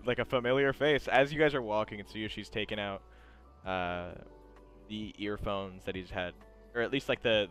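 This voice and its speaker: A man's voice: fairly low pitch, a bit bright. A young man narrating casually as game master, loose and rambling with frequent laughs.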